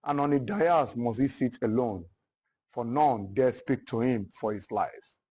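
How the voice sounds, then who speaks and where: A man teaches literature with a Nigerian English accent. He retells a long poem in his own words and throws himself into the characters' speeches. His voice sits in an ordinary register, rising sharply and growing louder when he acts out the dialogue. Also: measured pace, husky. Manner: dramatic storytelling, acting out the characters' lines with rising pitch and force. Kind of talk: retelling a narrative poem for students.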